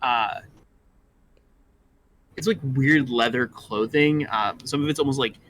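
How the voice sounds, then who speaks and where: A man's voice: medium pitch, measured pace, fairly bright tone, a little hiss or hum, rough recording. A man narrating as game master in a tabletop game, casual and full of fillers.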